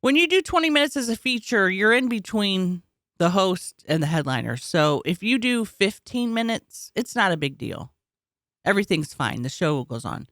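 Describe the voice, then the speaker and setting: A woman stand-up comic chats on a podcast with an animated, mid-pitched voice. She throws in deadpan one-liners and explains the business plainly. The sound is dry and close. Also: normal speed, no echo. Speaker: podcast co-host, stand-up comedian. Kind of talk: casual chat.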